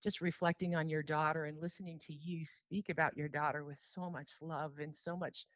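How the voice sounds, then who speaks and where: Woman telling her testimony in an interview, heartfelt and close to tears, slows down on the heavy parts, lowish voice, dry dull sound. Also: flat delivery, dry recording. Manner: earnest and heartfelt, slowing down on solemn phrases. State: emotional, near tears. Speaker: interview guest.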